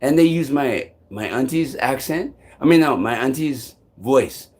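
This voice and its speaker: A man vlogs live, rambling restlessly and swearing often, his delivery bouncing from loud outbursts to low mutters. He's animated but a little slow, with a breathy edge to his voice.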